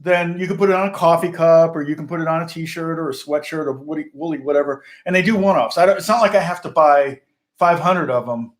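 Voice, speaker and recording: A middle-aged man, a guitar teacher hosting a casual livestream chat, rambling and laughing often. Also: medium pitch. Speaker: guitar teacher and channel host.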